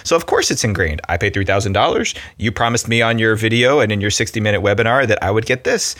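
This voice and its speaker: Frank, bright-voiced man talking casually. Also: fairly low pitch, animated, fast talker, dry recording, studio quality. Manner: frank and humorous, acts out inner voices, swears casually. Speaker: podcast guest, men's coach. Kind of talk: casual conversation.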